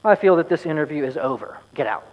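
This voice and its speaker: A man voicing a pompous, exasperated old male sage who lectures slowly, loudly and tartly, in a reverberant church hall. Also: a little high, animated, close to an everyday voice. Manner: tart, loud and slow, lecturing.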